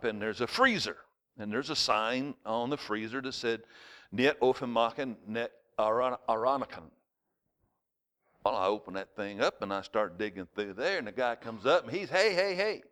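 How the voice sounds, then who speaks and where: A man's voice: expressive, normal speed. Preacher man telling stories. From United States. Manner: storytelling preacher, jumps to high shouted voices in anecdotes. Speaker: pastor. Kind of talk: sermon.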